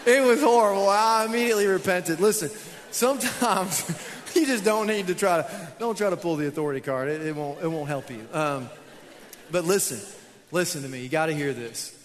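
A young man preaches to his church in a loose, storytelling way, poking fun at himself between points. His voice sits a little high. The sound carries a long reverb from a large hall. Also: fairly quick. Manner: casual, storytelling preacher who laughs at himself. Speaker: pastor. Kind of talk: sermon. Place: church auditorium.

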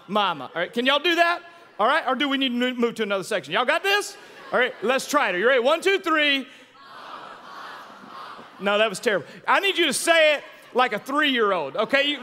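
High-voiced animated preacher in a hall. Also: male voice. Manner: animated, preacherly call-and-response. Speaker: pastor. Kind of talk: sermon. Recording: long hall reverb.

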